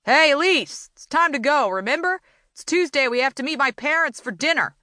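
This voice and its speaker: A woman voicing an angry, controlling young boyfriend who yells and snarls through a door. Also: high voice, expressive, normal speed, dry recording, clean studio sound, voice pushed up. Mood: demanding. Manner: yelling, snarling.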